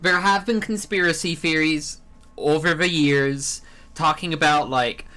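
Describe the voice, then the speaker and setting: A man's voice: fairly high pitch, a little slow, sharp tone. A man telling a rambling story on a live stream while eating pizza. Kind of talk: casual stream chat.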